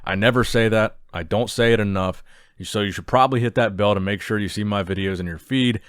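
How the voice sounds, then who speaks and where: A man's voice: on the low side, fairly quick, clean tone, no echo, clean studio sound. A man hosting a bodybuilding news channel, giving an easygoing, friendly outro. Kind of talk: casual video outro.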